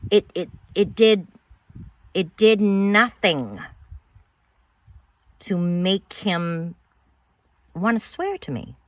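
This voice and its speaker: A woman's voice: mid-range voice, sing-song, drawn-out words, long pauses, dry recording. A woman telling her own story of betrayal in a bitter, emphatic way, repeating words and swearing. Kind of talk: personal storytelling monologue.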